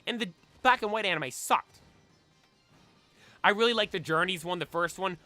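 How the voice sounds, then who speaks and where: A young man streaming casually, chatting excitedly and belting out theme songs. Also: a little high, normal speed, pauses often, no room sound, soft background music. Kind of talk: casual chat while shiny hunting.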